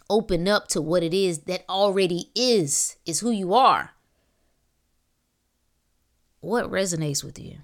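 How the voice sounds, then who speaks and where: A woman hosting a podcast, giving an emphatic motivational monologue in casual slang with drawn-out exclamations. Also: mid-range voice, a bit bright. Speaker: podcast host.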